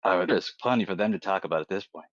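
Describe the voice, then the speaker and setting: A man hosting and streaming a casual group chat, with quick, animated asides. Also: deep voice, dry recording, lo-fi sound.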